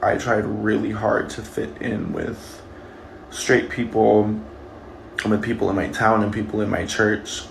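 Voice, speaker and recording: A man's voice: on the low side, gravelly, slight background noise. A man ranting in a vlog, close to tears, angry and swearing as he speaks. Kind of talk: emotional vlog rant. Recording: echoey room.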